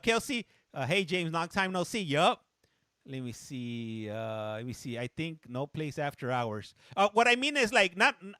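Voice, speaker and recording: A man's voice: fairly high pitch, bright, forceful tone, dry recording, clean studio sound. Chatty man on a live stream. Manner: chatty storyteller, stops often to read comments; slips briefly into Spanish. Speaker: livestream host reading viewer chat. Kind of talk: casual live-stream chat.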